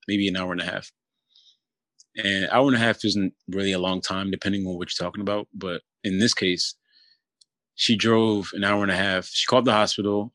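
A man's voice: low voice, fairly bright tone, no echo. A man in his twenties casually telling a personal story, with many fillers and asides. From Philadelphia area. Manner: casual, many fillers like "you know" and "kinda".

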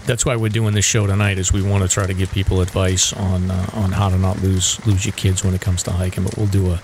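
Low-voiced man hosting, easygoing. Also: flat delivery, noisy background. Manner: easygoing, halting questions with restarts. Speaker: podcast co-host. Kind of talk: casual podcast interview.

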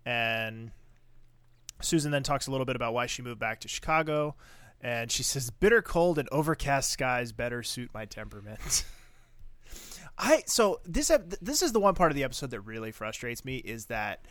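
A man's voice: mid-range voice, very animated, moderate pace, fairly bright tone, no room sound. A man co-hosting a podcast, recapping a TV episode in blunt, crude, laughing casual chat. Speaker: podcast co-host.

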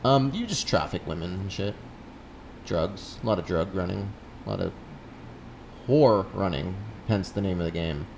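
A young man with a somewhat low voice co-hosting a loose, crude podcast chat. He jokes constantly and slips into goofy voices. A faint hum of room ambience sits under him. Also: lively intonation, normal speed, creaky, pauses often. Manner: crude joking, does silly quoted voices. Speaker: podcast co-host. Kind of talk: casual chat.

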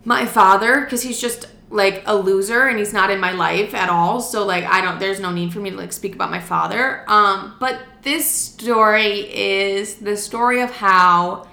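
A woman's voice: medium pitch, normal speed, vocal fry, few pauses, bright, forceful tone, reverberant. A young adult woman casually telling a personal story, chatty and full of fillers, swearing freely.

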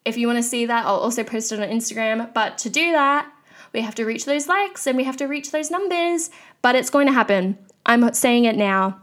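A woman's voice: fairly high pitch, normal speed, fairly bright tone. A young woman hosting a solo podcast, ranting candidly in a chatty way with lots of fillers. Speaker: podcast host.

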